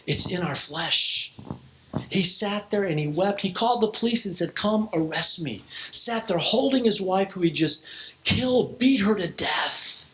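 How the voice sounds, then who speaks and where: A middle-aged man preaching a sermon to a youth group in a church hall, telling stories with restarts and sudden drops to a hushed voice. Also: high voice, expressive, measured pace, a little hiss or hum. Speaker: pastor. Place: church hall, in front of students.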